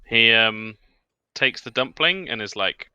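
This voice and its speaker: A man playing a tabletop game, calmly describing his character's actions. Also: mid-range voice, measured pace, clean tone, no echo, lo-fi sound. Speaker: player. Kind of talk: casual tabletop role-play.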